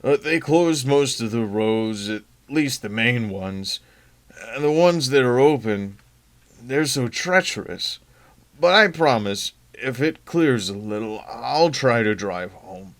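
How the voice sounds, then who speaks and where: A man's voice: medium pitch, expressive, slow, fairly bright tone. A man reading a harried, apologetic father.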